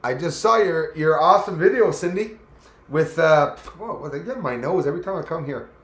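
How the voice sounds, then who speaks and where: A man's voice: a little high, animated, brisk, a bit bright. A man hosting a casual live stream, chatting loosely and greeting viewers by name as their comments come in. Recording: echoey room.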